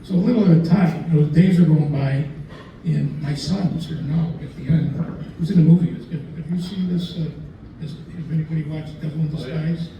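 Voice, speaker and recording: Older man, after-dinner storyteller, mellow dark voice, rambling with chuckles, distant echoey room, faint background hum. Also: fairly high pitch, fairly quick. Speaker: lawyer telling stories at a dinner talk. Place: dinner event in a restaurant room.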